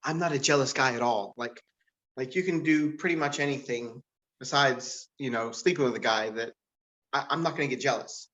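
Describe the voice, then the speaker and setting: A man doing stand-up comedy who laughs at his own jokes and rambles with lots of fillers, jumping way up in pitch when he quotes people. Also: normal speed, fairly bright tone, muffled recording. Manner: jumps to a much higher pitch to act out quoted people. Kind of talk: live-streamed stand-up comedy.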